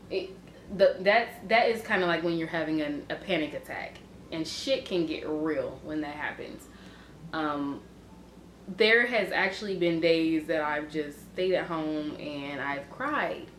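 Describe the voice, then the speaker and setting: A young adult woman talking openly in a personal vlog, rambling and halting with many restarts and fillers. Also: fairly low pitch, echoey room, slight background noise. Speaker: vlogger.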